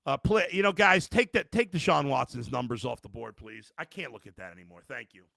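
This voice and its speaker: Brisk and forceful, his mid-range voice is sing-song, creaky and bright, with no room sound, as this middle-aged host of a live postgame sports podcast rants at the viewers. He addresses them directly as folks and restarts himself often.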